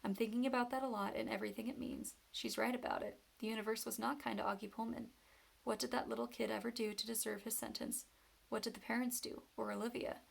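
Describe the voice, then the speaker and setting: A woman reading a novel aloud in steady first-person storytelling. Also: a little high, fast, creaky, slightly rough. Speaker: reader.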